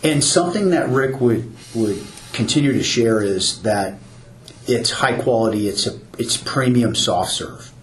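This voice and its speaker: A man's voice: mid-range voice, a little slow, slight background noise. A man, a new business owner, talking earnestly in a casual podcast chat and often repeating words as he starts sentences. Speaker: new owner of an ice cream stand. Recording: roomy with faint background ambience.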